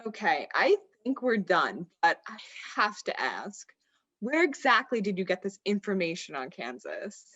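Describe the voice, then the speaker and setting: A woman's voice: medium pitch, sing-song, measured pace, a bit bright, husky, lo-fi sound. A woman hosting a comedy interview, playing a dry, skeptical straight role. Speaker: host.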